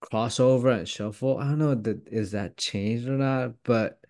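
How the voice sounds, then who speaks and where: A man's voice: mid-range voice, a little slow, a little mellow, no echo, clean studio sound. A man hosting a podcast, asking a question hesitantly and searching for words. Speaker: podcast host. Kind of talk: interview question.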